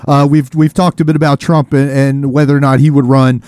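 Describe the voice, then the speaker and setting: A man's voice: medium pitch, level tone, fairly quick, darkish tone, smooth, no room sound. Rambling male podcast co-host. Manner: rambling, full of fillers. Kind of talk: casual chat.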